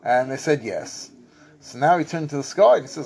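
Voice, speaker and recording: A man giving a Talmud lesson, reading Aramaic passages and translating them in a sing-song study cadence with halting restarts. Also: medium pitch, lively intonation, vocal fry, a little mellow. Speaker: Talmud teacher.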